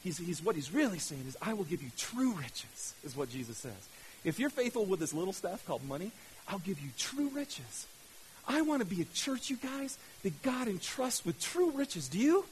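A male pastor preaching with rising fervor, his voice sitting unusually high. He stammers and restarts phrases as he gets fired up. A faint hiss runs under the recording. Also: big pitch swings, normal speed, poor audio. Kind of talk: sermon.

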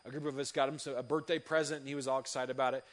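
A man's voice: medium pitch, little pitch movement, very fast. A young man, a youth pastor, telling a story in an earnest, conversational sermon with many fillers and restarts. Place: church hall.

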